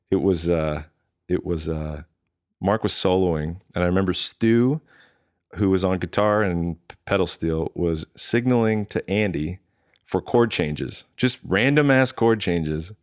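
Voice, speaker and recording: Recorded dry in a clean studio, a man whose voice sits low rambles through a story as a guest in casual conversation. He's a drummer, and he acts out the dialogue people directed at him, restarting lines as he goes.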